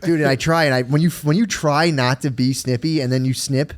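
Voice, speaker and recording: A man's voice: medium pitch, fairly even intonation, brisk. A man in his thirties co-hosting a casual podcast, telling stories with lots of swearing and "dude". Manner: swearing storyteller, says "dude" constantly. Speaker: podcast co-host. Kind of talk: casual chat.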